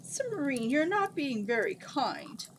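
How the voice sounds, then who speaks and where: A woman's voice: high-pitched, very animated, unhurried, slight background noise, pitched above the performer's own voice. A woman reading as an eager young man. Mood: hurt. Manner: eager and wounded. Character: earnest, eager young man, easily hurt.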